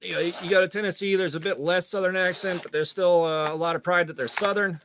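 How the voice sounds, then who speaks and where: A man's voice: high-pitched, steady tone, fast, fairly bright tone, slight background noise. A middle-aged man hosting a casual livestream chat, rambling and swearing freely with a lot of filler. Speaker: host.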